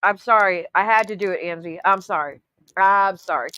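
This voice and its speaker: A woman's voice: medium pitch, normal speed, sharp tone, clear, resonant tone, no room sound. A woman hosting her own channel, giving sarcastic, profanity-laced casual commentary on clips. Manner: sarcastic, profane, calls people honey. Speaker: YouTube host reacting to clips.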